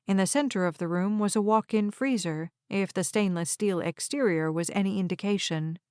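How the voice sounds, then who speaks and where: A woman narrating an audiobook in a measured, clear storytelling manner. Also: medium pitch, dry recording, studio quality. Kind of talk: scripted narration.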